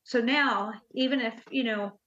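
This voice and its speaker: A woman guest telling her own story in an interview, earnest and halting, with many fillers. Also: fairly high pitch, fairly bright tone. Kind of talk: personal interview talk. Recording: muffled lo-fi audio.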